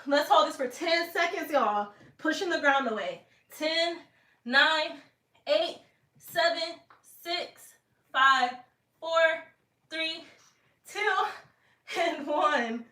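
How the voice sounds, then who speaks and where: A woman's voice: high-pitched, drawn-out words, pauses often, sharp tone, distant mic. A woman, chatting casually and laughing while she works out at home, out of breath between efforts. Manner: chatty, laughing, counts aloud. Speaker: fitness vlogger. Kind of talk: casual workout livestream chat. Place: home room with an exercise mat. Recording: echoey room, away from the mic.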